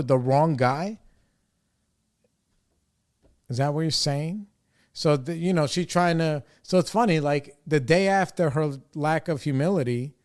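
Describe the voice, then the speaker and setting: A young man with a fairly high voice hosts a podcast and tells a story in loose, casual chat. He swears freely and acts out the people in his story with exasperated energy. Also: clear, resonant tone. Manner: profane, animated, exasperated retelling. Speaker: podcast host.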